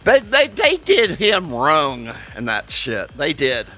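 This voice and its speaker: Male co-host, high, bright and animated, cusses freely, light music under. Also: slow pace. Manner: blunt, swears a lot, enthusiastic. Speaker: podcast co-host. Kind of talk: casual chat.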